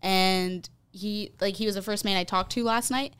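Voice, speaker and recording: A young woman chatting casually and candidly, with quick interjections. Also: medium pitch, steady tone, fairly bright tone, clean tone. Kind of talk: casual chat.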